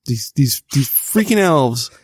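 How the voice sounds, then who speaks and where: A man's voice: mid-range voice, lively intonation, slow pace, slightly rough, dry recording. A man in his thirties co-hosting a podcast, telling a long exasperated story in casual chat. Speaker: podcast co-host.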